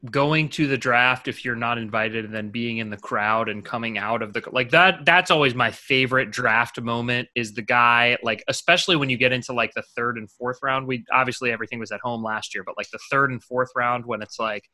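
Very bright-voiced joking podcast host. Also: male voice, mid-range voice, brisk, few pauses. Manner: rambling, jokey, enthusiastic. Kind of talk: casual chat.

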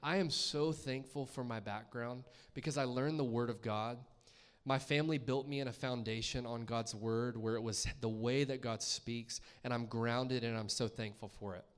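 A man's voice: medium pitch, steady tone, normal speed, smooth. Man preaching in a reverberant church. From Columbus, Georgia, US. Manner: conversational storytelling, acting out his own reactions. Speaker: guest preacher. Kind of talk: testimony sermon. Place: church sanctuary.

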